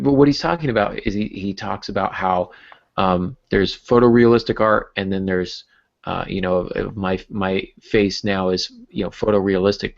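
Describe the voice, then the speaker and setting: Male podcast co-host, very low gravelly voice, rambling and joking, slightly lo-fi sound. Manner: rambling, joking, many fillers. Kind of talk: casual writing podcast chat.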